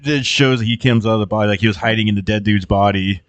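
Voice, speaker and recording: A man's voice: lowish voice, fast talker, clear, resonant tone, dry recording. A man casually retelling a movie on a podcast, rambling, swearing often and acting out the characters' lines. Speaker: podcast host.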